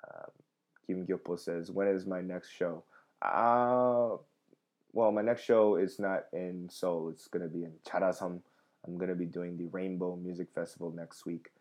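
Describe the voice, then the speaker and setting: A man's voice: deep voice, level tone, takes it slowly, pauses often, a little mellow. A man in his thirties, a comedian hosting a live podcast, chatting casually with viewers, rambling with lots of fillers and restarts. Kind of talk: casual live chat reading viewer comments.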